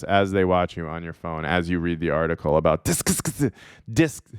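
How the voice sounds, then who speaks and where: Man, comedian host, sarcastic riffing monologue, smooth voice, dry sound. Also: sits low, sing-song, moderate pace, no echo. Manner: riffing, sarcastic, laughs at his own jokes.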